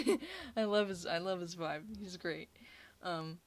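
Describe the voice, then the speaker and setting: A woman's voice: lowish voice, normal speed. A young woman rambling casually and gushing, with lots of "like" fillers. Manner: gushing, chatty, heavy use of "like" fillers. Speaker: video creator. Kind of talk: casual rambling ranking video. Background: faint background music.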